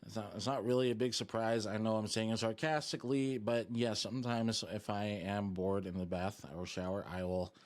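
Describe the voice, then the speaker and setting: A man's voice: fairly low pitch, steady tone, normal speed, few pauses. A young man streaming live, chatting and rambling jokingly with his viewers while sucking a lollipop. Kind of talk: casual live-stream chat.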